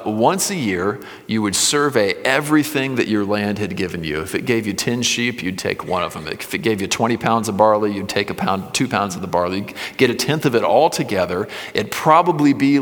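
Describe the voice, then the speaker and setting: A man with a fairly low voice preaches to his congregation, moving between read scripture and relaxed, everyday explanation. His words ring out with the long reverb of a large church hall. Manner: conversational teaching, reads scripture aloud then explains. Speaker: pastor. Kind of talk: sermon. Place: church sanctuary with screens.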